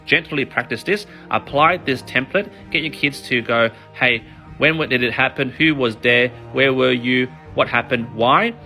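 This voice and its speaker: A man in his thirties talks to camera about raising kids, energetic and emphatic, with a bright, forceful tone. His delivery is animated, and faint music plays behind him. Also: medium pitch. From Australia. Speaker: parenting and kids' finance author. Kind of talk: motivational talk to camera.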